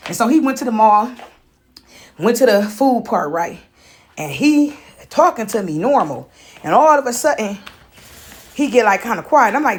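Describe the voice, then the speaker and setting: High-voiced animated woman storyteller. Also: brisk, husky. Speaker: preacher storyteller. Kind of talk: casual spiritual testimony.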